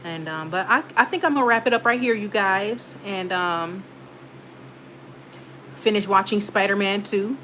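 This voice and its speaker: A young woman chats loosely to her livestream viewers, wandering from thought to thought with plenty of fillers. Her voice sits at a middle pitch. A faint noise hums under the recording. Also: normal speed, pushed and bright. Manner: rambling, chatty, talks straight to viewers with many fillers. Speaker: channel host reading live chat. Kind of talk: casual livestream chat.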